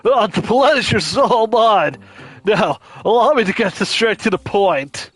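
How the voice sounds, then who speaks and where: A man's voice: sits high, dry recording. A man voicing a laid-back male hunter as a drawling surfer dude in a game playthrough.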